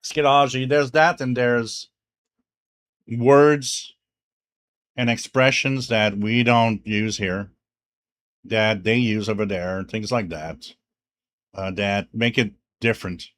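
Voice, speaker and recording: A man's voice: on the low side, fairly even intonation, a little slow, fairly bright tone, a little hiss or hum. A French Canadian man, a native French speaker, hosting a live stream. He chats casually, reads viewer comments aloud and laughs often between fillers. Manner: chatty, laughs often, many fillers like "you know". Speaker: livestream radio host.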